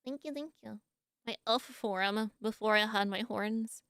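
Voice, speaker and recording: Woman streamer, playful joking chat, tense bright tone, dry close sound. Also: medium pitch, a little slow, clear, resonant tone, dry recording. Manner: playful and jokey, laughs often; sleepy, yawning. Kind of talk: casual live-stream chat.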